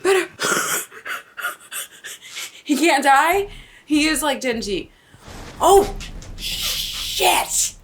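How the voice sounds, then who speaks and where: High-voiced woman, stunned exclamations. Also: sing-song, very slow, pauses often. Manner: exclamatory, stunned questions, swears freely. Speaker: anime reaction host. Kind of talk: live reaction commentary.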